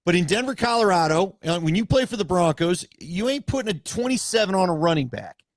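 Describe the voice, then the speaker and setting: A man's voice: high-pitched, big pitch swings, fairly quick, no room sound. A man co-hosting a casual sports talk show, blunt and opinionated in his rants. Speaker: sports podcast co-host.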